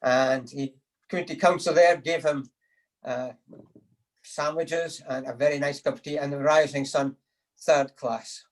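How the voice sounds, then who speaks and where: A man's voice: a little high, fairly even intonation, measured pace, poor audio. A man telling jokes at a supper over a video call, acting out the quotes and chuckling at his own punchlines. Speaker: speaker giving a toast to the lassies. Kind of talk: after-dinner joke telling.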